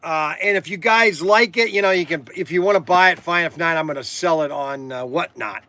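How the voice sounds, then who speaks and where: Middle-aged man, livestream shop host; high bright voice, rambling and chatty, dry close sound. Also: fairly quick, no echo. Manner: rambling storytelling with frequent restarts and fillers. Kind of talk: casual livestream chat.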